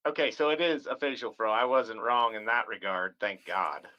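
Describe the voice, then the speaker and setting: A man's voice: medium pitch, expressive, moderate pace, bright, forceful tone, dull audio. A man co-hosting a casual comic-book chat, joking around and pretending not to know things. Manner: joking, playing dumb. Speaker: podcast co-host.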